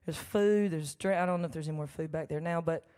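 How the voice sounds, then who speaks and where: A woman's voice: low voice, quick pace, dark tone. Folksy woman chatting in a reverberant hall. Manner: chatty, folksy and joking, with laughs and asides to the crowd. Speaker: songwriter performing live. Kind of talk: storytelling between songs on stage. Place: large church hall with a live audience. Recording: long reverb of a large hall.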